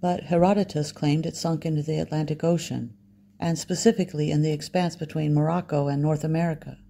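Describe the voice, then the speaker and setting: A man reading the lines of an eccentric Italian professor in his sixties, cheerful and rambling, with a gravelly, dark voice. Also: on the high side, level tone, a little fast, slight background noise. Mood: eager.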